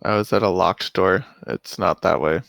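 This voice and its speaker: A man's voice: low-pitched, normal speed, vocal fry, a bit bright, no echo. A man playing in an online tabletop game who asks curious questions and stops and restarts often. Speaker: player. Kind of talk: casual chat during an online game.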